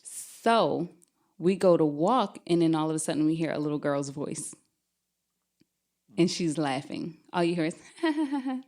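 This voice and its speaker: A woman's voice: low-pitched, a little slow, a little mellow. A woman, guest on a podcast, animatedly telling a true scary story and laughing as she goes. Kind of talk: casual storytelling.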